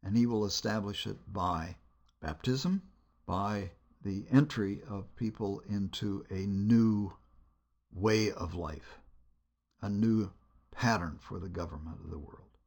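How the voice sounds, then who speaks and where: This male Bible lecturer has a fairly low, creaky voice with a darkish tone. He teaches a lesson on storytelling in the Bible, speaking deliberately and hesitating between phrases.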